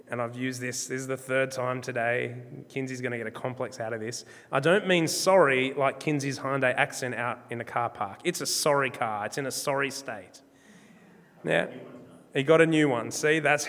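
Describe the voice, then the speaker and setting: A man preaching a sermon in a measured, emphatic way, slowing down on key words. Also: medium pitch, a bit bright, in a large hall. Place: church.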